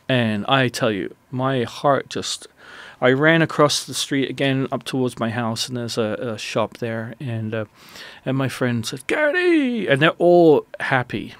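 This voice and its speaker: A man who is a guest on a radio interview, telling a personal story in an animated, rambling way with many restarts. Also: mid-range voice, dry recording.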